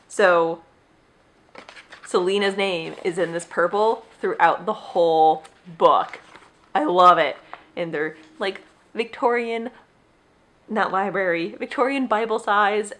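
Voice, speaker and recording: An unhurried young woman hosts her own podcast in a loose, casual chat. She rambles off on tangents and gushes freely over things she loves, keeping a friendly, talkative flow. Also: mid-range voice, fairly bright tone. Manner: chatty, rambling, gushing. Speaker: podcast host.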